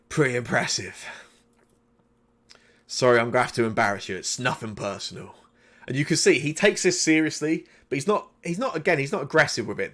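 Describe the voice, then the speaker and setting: A man narrating as game master of a tabletop game, rambling and restarting with many fillers. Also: mid-range voice.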